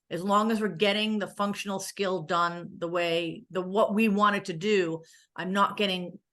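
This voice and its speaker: A woman's voice: mid-range voice, bright, forceful tone. A woman therapist giving a conference presentation in a conversational way, with joking asides and frequent "um" fillers.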